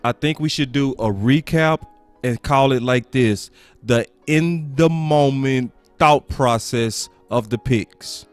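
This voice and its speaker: A man's voice: mid-range voice, slow, clear, resonant tone, dry recording, soft background music. A man hosting a casual sports talk stream who speaks in slangy, emphatic repeated phrases. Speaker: sports talk show host.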